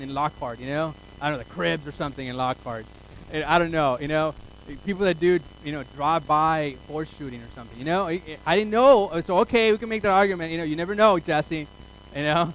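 A man's voice: high-pitched, slight background noise, low-quality recording. A male pastor preaching a sermon, telling stories animatedly and acting out his own thoughts. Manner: animated storytelling, acts out his own inner voice.

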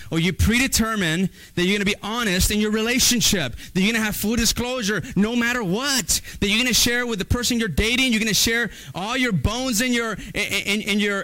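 A male pastor preaching a sermon in an animated, conversational way with playful asides. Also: high voice, low-quality recording.

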